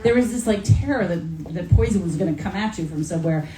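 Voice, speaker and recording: A woman's voice: on the low side, expressive, quick pace, crowd noise. A woman author chatting at a bookstore event, talking with many fillers and restarts. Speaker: author in conversation. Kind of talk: casual chat at bookstore event. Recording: roomy hall, faint background noise.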